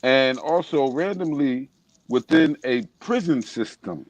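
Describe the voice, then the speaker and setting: A man's voice: mid-range voice, sing-song, a little slow, no echo, low-quality recording. Man telling a story, close and dry. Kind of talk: political discussion.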